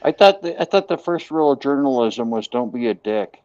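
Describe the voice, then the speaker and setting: A man's voice: medium pitch, expressive, a little fast, darkish tone, a little hiss or hum. A man co-hosting a casual commentary chat, throwing in jokey, laughing interjections. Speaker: co-host. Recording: dull lo-fi sound.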